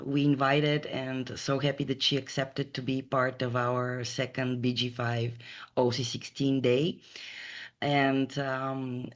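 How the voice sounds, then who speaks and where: An interview host who talks slowly and carefully, pausing often on fillers as they search for words. The sound is dull and muffled, like audio from a video call. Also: medium pitch. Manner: slow and halting, with many fillers. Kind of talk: casual interview talk.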